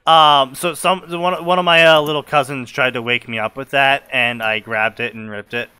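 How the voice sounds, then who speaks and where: A man's voice: mid-range voice, steady tone, moderate pace, bright, forceful tone, smooth, dry recording. A young man casually reading fanfiction aloud and commenting, rambling, laughing and swearing.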